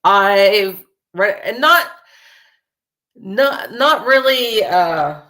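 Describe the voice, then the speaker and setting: A young adult woman rambles to her viewers in a loose, chatty way, swearing freely and laughing often. Her voice is bright and forceful, sitting at an ordinary pitch for a woman. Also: animated, very slow. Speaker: true crime podcast host. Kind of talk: casual chat to viewers.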